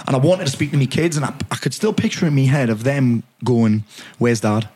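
A man's voice: mid-range voice, animated, fast talker, darkish tone. A middle-aged man with a Geordie accent, telling a story as a podcast guest in a jokey, self-mocking way with plenty of swearing. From North East England. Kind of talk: animated storytelling.

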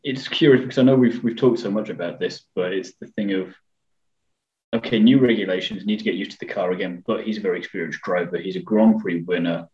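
A man's voice: low-pitched, fast talker, darkish tone, roomy sound, highs cut off. A man co-hosting a podcast, casually chatting with teasing, rambling analysis. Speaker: podcast co-host. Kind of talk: casual chat.

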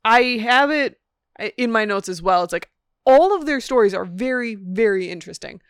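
A woman's voice: a little high, expressive, normal speed, clean tone, no echo, studio quality. A woman co-hosting a podcast, chatting casually about a movie, laughing at her own confusion as she rambles. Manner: laughing, self-deprecating, rambling. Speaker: podcast co-host. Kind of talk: casual movie review chat.

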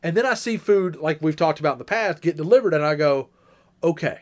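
A man with a somewhat raised pitch talks loosely on a podcast. He drags his anecdotes out and swears now and then in passing. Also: animated, darkish tone. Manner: drawn-out anecdotes, mild swearing. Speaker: podcast co-host. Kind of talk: casual chat.

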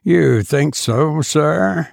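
A man's voice: fairly high pitch, vocal fry, darkish tone, dry recording, clean studio sound, pitched above the performer's own voice, heavily acted. A man reading aloud, voicing a suave, polite, sinister undertaker in a storybook reading. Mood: suave, pleasant. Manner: suave, pleasant, measured.

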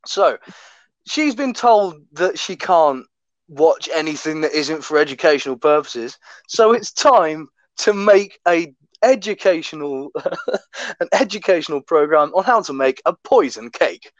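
A man's voice: on the high side, expressive, unhurried, no echo. A man from Oklahoma co-hosting a casual true-crime chat, sweary and often laughing. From Oklahoma, USA. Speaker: podcast co-host. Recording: dull, dry sound.

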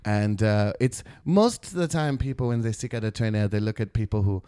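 Brief: man doing a beaten-down veteran boxer, halting deadpan delivery, smooth resonant voice, dry close sound. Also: fairly low pitch, no echo, natural voice. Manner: hesitant, many filler pauses, deadpan. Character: washed-up aging male boxer, meek and self-deprecating. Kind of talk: improvised comedy interview in character.

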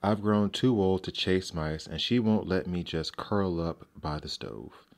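Man reading as an irritable old storybook cat, snappy and low. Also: animated, measured pace. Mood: resentful. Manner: spiteful, snappish. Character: annoyed bedraggled old cat.

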